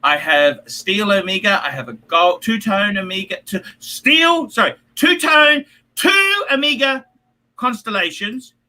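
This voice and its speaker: A man's voice: high-pitched, pushed and bright, rough recording. A middle-aged man hosting a livestream while drunk, rambling, swearing and getting emotional. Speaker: livestream host.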